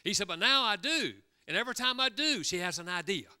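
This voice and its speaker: Lively, bright-voiced male preacher. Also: high-pitched, brisk, clear, resonant tone. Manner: storytelling with acted quotes. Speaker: guest speaker. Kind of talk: sermon. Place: church.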